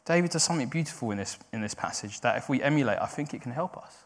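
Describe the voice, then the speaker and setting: A man preaching a sermon to a congregation. He swings between loud, raised cries and quiet, conversational explaining. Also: medium pitch, animated, racing. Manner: builds to loud cries when quoting, then drops quiet and conversational. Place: church hall. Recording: long hall reverb.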